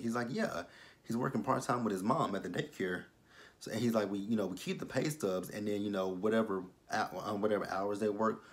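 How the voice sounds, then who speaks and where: A man giving a casual, animated recap of a TV episode, acting out the characters' lines and swearing freely. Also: fairly low pitch. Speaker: TV episode reviewer.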